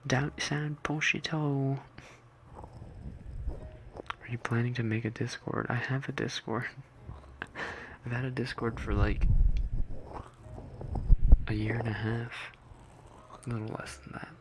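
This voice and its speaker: A young man in his twenties, whispering softly into a close mic as an ASMR streamer reading chat questions. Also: medium pitch, flat delivery, measured pace, long pauses, slight background noise.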